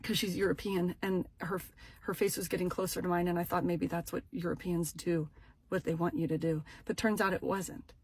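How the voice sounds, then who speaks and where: A young adult woman telling a comedic story to camera, dramatic and self-mocking, with punchy short sentences that swing between loud bursts and hushed asides. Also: lowish voice, flat delivery, fairly quick, husky.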